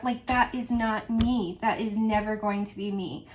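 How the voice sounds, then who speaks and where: A woman's voice: mid-range voice, fairly even intonation, unhurried, slight background noise. A woman vlogger with a grown daughter, talking earnestly and emotionally in a rambling heart-to-heart about selling home fragrance. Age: adult with a grown daughter. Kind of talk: casual heart-to-heart monologue.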